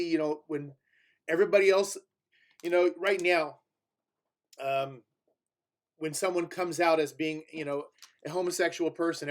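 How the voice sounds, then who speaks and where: A male preacher teaching through scripture in a conversational sermon, reading verses aloud and stressing key words, with fillers and restarts. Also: fairly high pitch. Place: church sanctuary.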